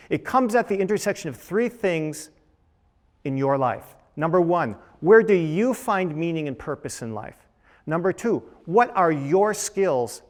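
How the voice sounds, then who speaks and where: A middle-aged man speaks on a panel in a lecture room, talking into a microphone at a podium. His voice sits a little high for a man. He tells his story with quoted voices and rhetorical questions. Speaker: panelist, dermatologist. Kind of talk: panel talk to students.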